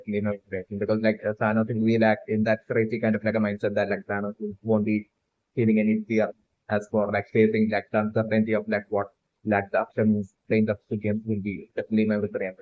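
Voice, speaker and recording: A fast-talking man with a fairly low, completely flat voice makes a fan theory video, rambling on his own and restarting sentences. "Like" and "uh" crop up in nearly every phrase, and the sound is tinny and phone-like, without room sound.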